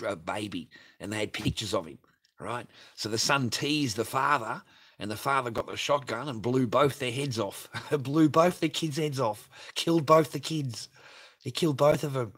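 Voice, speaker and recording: A man's voice: mid-range voice, moderate pace, a bit bright, husky. Profane man ranting on a livestream. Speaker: livestream host reading superchats. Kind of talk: crude casual livestream rant.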